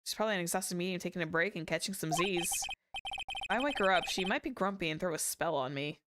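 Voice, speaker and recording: A woman's voice: lowish voice, quick pace, very noisy. A woman streaming a game, reading its text aloud and chatting with jokey asides. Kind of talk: casual let's-play commentary. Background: game music.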